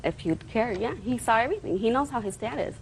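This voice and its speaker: A woman's voice: a little high, animated, fast talker, gravelly, slight background noise, low-quality recording. A woman plaintiff giving courtroom testimony in an earnest, rambling way, defensive when challenged.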